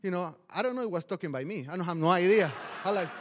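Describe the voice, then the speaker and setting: A man, a pastor and missionary, telling a testimony story in animated, non-native English, laughing often along the way. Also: sits high, rapid-fire.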